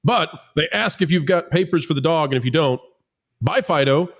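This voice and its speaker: A man hosting a casual political panel, asking sardonic questions in an animated way. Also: on the high side, fairly quick. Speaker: host.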